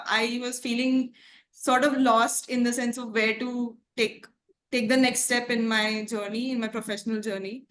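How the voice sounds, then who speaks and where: A young woman from India giving an earnest, reflective testimonial about a coaching course, often pausing with fillers and "like". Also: a little high, fairly bright tone. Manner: earnest, thoughtful, frequent fillers and "like".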